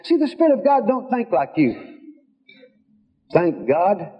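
A man's voice: high voice, wildly swooping pitch, a little slow, very noisy. A man preaching a sermon, telling stories in a folksy way and quoting conversations in his own voice. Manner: folksy storytelling, quotes God and others in his own voice. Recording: dull lo-fi sound.

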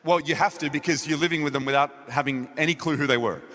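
A man's voice: on the high side, quick pace, a bit bright. A man with an Australian accent preaching a sermon in a meeting hall, telling a story and acting out his own lines. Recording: echoey hall.

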